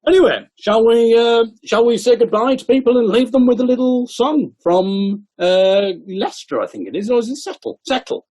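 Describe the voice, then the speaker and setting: A man's voice: extremely high pitch, expressive, moderate pace, few pauses, dark tone. A man chatting casually as a guest comedian on a video call, wry and rambling, often trailing off. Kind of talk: casual chat.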